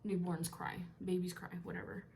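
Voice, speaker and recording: A woman's voice: lowish voice, flat delivery, a little fast, vocal fry, darkish tone, slight background noise. A young woman vlogging from her bedroom, telling a personal story in a candid, rambling way, with casual swearing and moments of emotion. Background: faint TV sound playing.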